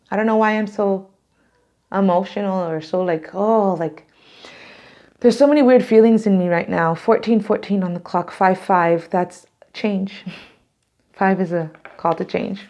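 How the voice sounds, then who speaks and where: A woman with a gravelly edge to her mid-pitched voice talks through a tarot reading. She rambles and laughs often, and she sounds close to tears. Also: a little slow, darkish tone. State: near tears. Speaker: tarot reader. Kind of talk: casual tarot reading to camera.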